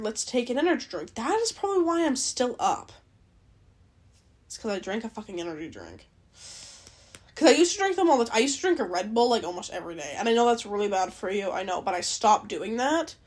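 Rambling young Canadian woman, lively voice. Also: on the high side, slightly rough. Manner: rambling, swears a lot, laughs often. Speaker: podcast host. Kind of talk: casual solo chat.

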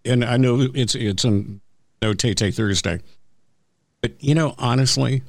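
A man's voice: mid-range voice, measured pace, vocal fry, no room sound, studio quality. A man co-hosting a comedy podcast, chatting playfully and easily. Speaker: podcast co-host. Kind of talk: casual comedic chat.

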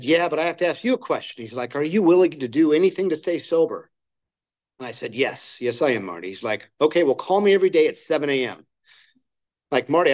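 A man's voice: fairly high pitch, rough recording. Man telling his recovery story. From Southern California. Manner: candid storytelling, acts out quoted dialogue. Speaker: main speaker at a recovery meeting. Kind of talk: personal recovery story shared at a meeting. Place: meeting room.

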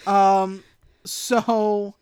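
A woman's voice: medium pitch, little pitch movement, drawn-out words, a little mellow. A woman co-hosting a casual podcast, recapping a movie and acting out its lines in mock voices. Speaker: podcast co-host.

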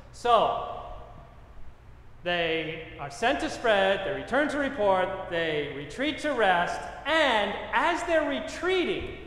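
A man's voice: sits high, a bit bright, a little hiss or hum. A middle-aged man, a pastor, preaching a sermon with emphatic repetition and personal stories. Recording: echoey hall with long reverb.

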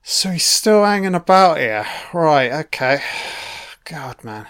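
A man's voice: a little high, big pitch swings, slow, fairly bright tone, clear, resonant tone. A young man giving casual, wry film commentary, swearing freely as he reacts to the scenes. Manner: profane, wry running remarks.

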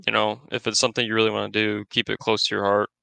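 A man's voice: on the low side, monotone, fast talker, creaky, sharp tone, dry recording, poor audio. A young man in his twenties on a podcast, giving brief easygoing encouragement. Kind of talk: casual chat.

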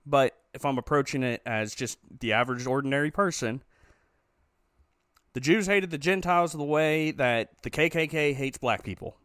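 A man's voice: mid-range voice, normal speed, a bit bright, clean tone, no echo, studio quality. A man hosting a podcast in casual chat, with a wry, sarcastic manner. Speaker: podcast host.

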